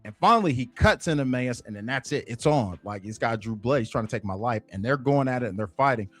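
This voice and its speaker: A man talks through an episode recap in a loose, meandering way, leaning on fillers as he goes. His voice sits at an ordinary middle pitch. It is recorded dry and close, with faint music in the background. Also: lively intonation, quick pace, a bit bright, no echo. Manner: rambling, frequent fillers like "you know" and "basically". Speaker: TV episode reviewer.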